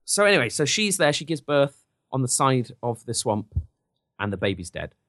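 On a podcast, a man with a medium-pitched voice recaps a film in casual chat, recorded in a clean studio with no room sound. He's an animated storyteller who acts out scenes in quick put-on voices.

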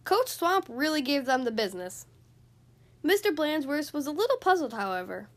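A woman reading a children's picture book aloud with expressive, animated storytelling. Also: high-pitched, normal speed. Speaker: storybook reader.

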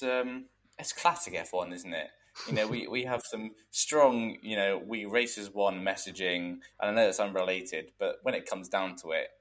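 A man co-hosting a podcast, talking in a relaxed, rambling way. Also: low voice. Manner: relaxed, rambling, many fillers. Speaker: podcast co-host. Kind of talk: casual chat.

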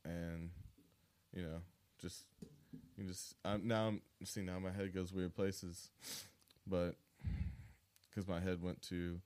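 A man's voice: deep voice, little pitch movement, takes it slowly, pauses often, a little mellow. A man co-hosting a podcast in casual, rambling, self-deprecating chat. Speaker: podcast co-host.

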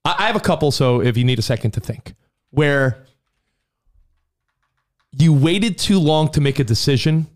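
A man's voice: on the high side, animated, normal speed, long pauses. A man co-hosting a podcast, chatting casually and riffing with jokes. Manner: jokey, riffs with silly put-on voices. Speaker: podcast co-host.

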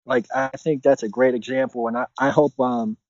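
A man's voice: medium pitch, steady tone, normal speed, dry recording. Earnest rambling man, dry muffled sound. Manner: rambling, heavy on filler phrases, earnest. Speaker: podcast guest. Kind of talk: casual conversational interview.

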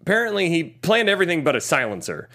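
A man's voice: on the high side, fast talker. A man hosting a casual podcast, recapping an action movie with jokes and quoted lines. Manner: animated storyteller, jokes and quotes clips. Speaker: podcast host reviewing a movie. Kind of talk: casual chat.

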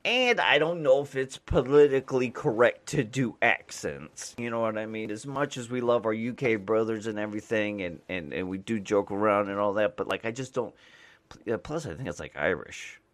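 A man's voice: lowish voice, moderate pace. A man from the United States, a mailman and podcast host, rambling casually with lots of fillers and restarts.

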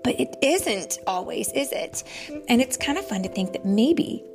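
A woman, a mother hosting storytime, reading a picture book aloud to children, gently and often in a whisper. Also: a little high, expressive, unhurried. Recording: soft background music.

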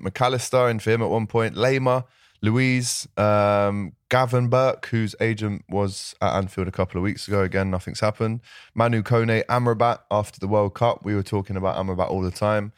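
A man with a lowish voice hosts a casual football podcast, chatting and laughing easily. The sound is dry and close, with no room around it. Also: fairly even intonation, moderate pace, clear, resonant tone, no room sound. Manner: chatty, laughs often, reads out lists. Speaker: podcast host.

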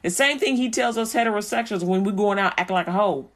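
A woman preaching informally and quoting scripture in an animated, plain-spoken, laughing manner. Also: medium pitch, fast.

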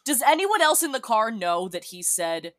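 A woman's voice: a little high, big pitch swings, normal speed. A woman playing a tabletop role-playing game, talking through her character's actions in a playful, teasing way. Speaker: player. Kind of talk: tabletop role-play chat.

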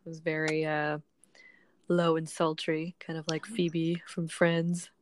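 A woman's voice: low voice, completely flat delivery, takes it slowly, slight background noise. A young woman co-hosting a casual book chat, rambling and laughing often, her voice just recovering from being sick. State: voice recovering after illness. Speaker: podcast co-host.

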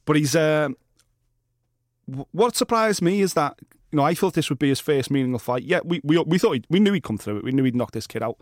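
A man's voice: on the high side, lively intonation, brisk, dry recording, clean studio sound. Blunt, swearing man. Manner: swearing, blunt opinionated banter. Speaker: boxing podcast co-host. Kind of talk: casual chat.

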